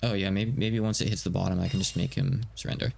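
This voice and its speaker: A man's voice: low voice, fairly even intonation, fast, gravelly, a little mellow. A man streaming a game he translates live, talking to himself in hesitant, stammering asides.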